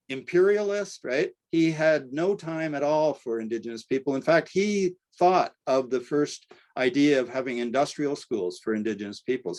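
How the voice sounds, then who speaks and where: A man's voice: fairly high pitch, a little mellow. Older man lecturing, casual. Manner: conversational, tags points with "right?", frequent fillers. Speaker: archaeology lecturer. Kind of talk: academic lecture.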